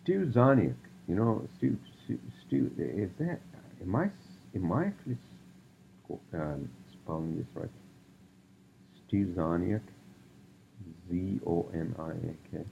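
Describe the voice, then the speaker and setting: Male solo podcast host, very low and gravelly, profane rambling rants, dull recording. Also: warm tone. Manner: profane, ranting, rambling with many fillers. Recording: dull lo-fi sound with faint noise.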